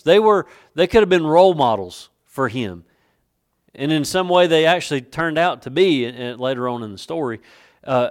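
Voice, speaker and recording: A man preaches in a voice pitched a little above most men's. He stresses his points with rising force and slows right down to read old scripture aloud. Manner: preaching with rising emphasis, reading King James scripture slowly. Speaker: pastor. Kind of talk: sermon.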